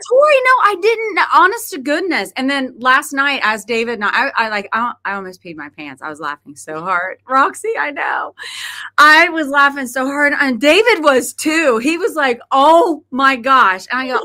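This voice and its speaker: A woman's voice: sits high, expressive, normal speed, bright, forceful tone. A middle-aged woman hosting a podcast, chatting casually and laughing often as she tells stories. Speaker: podcast host. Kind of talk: casual chat.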